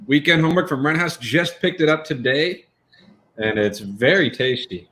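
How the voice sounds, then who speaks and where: A man co-hosting a live drinking show, laid-back and quietly joking. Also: fairly high pitch, expressive, normal speed, a little hiss or hum. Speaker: podcast co-host. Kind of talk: live-stream casual chat.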